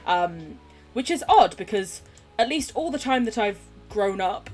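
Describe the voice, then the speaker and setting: Lively posh English woman streamer. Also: mid-range voice, measured pace, soft background music. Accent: posh southern English. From England. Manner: chatty, giggly and sweary. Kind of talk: casual live-stream chat while gaming.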